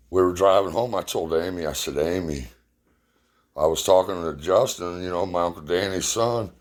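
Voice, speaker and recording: A middle-aged man telling a personal story in a blunt, emotional way, swearing freely. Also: low-pitched.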